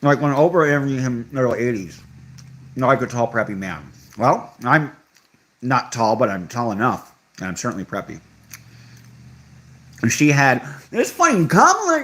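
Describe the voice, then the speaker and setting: A young man hosting a casual live stream, riffing on viewer comments in an offhand, sarcastic way. His voice sits at a middle pitch but swings up and down a lot as he talks. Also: sing-song, moderate pace, long pauses, a bit bright. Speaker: livestream host reading chat. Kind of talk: casual livestream chat.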